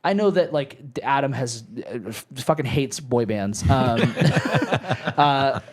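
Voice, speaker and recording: A man's voice: mid-range voice, a little slow. A young adult man hosting a casual live podcast, rambling with restarts and fillers and cursing freely. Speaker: podcast host.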